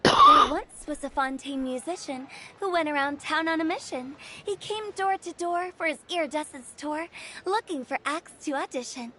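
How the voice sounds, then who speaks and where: A woman's voice: high voice, very animated, normal speed, noisy background. A woman voicing a playful, mischievous young funeral director in a game, teasing and rhyming. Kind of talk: game dialogue.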